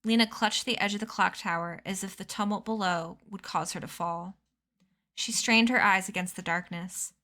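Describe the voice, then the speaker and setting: A woman reading a novel aloud on a stream, in a measured storytelling manner that drops soft and quiet at tense moments. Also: mid-range voice, steady tone.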